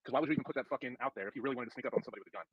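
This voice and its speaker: A man's voice: mid-range voice, racing, slightly rough, no room sound, muffled recording. A man joining an online panel as a guest, speaking bluntly with plenty of swearing. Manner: blunt and profane. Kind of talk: casual panel chat.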